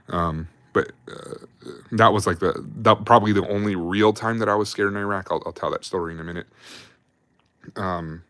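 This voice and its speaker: A man's voice: lowish voice, fairly bright tone, no room sound, clean studio sound. A man in his thirties, a livestream host, telling army stories in a rambling, profane, casual way.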